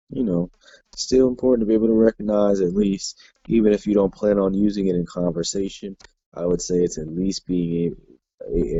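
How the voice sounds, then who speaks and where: A man teaching a Hebrew grammar class in a relaxed way, with lots of fillers and restarts. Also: medium pitch, gravelly, slightly rough, dry recording. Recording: dull lo-fi class recording.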